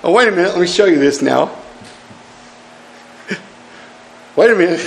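High-voiced preacher in an echoing hall. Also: male voice, animated, moderate pace, gravelly, long pauses, a little hiss or hum. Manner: folksy, chuckles often, pleads with the congregation. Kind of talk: sermon.

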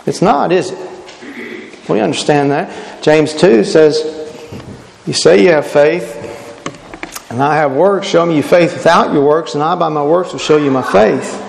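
A man's voice: on the high side, measured pace, gravelly, pauses often. A man preaching a sermon, emphatic and repeating his phrases for weight. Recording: echoey hall with faint noise.

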